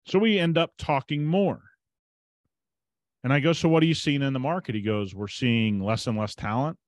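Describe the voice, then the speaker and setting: A man's voice: mid-range voice, moderate pace, no room sound. A man hosting a podcast, telling a story in a casual, emphatic way and retelling conversations as quoted dialogue. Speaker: podcast host.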